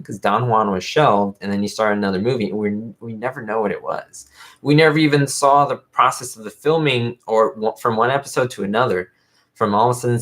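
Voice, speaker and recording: Male host, lowish pitch, loose, chatty fan talk for a live stream. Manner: rambling, fan-like, lots of fillers. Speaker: YouTube host. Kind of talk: casual livestream chat.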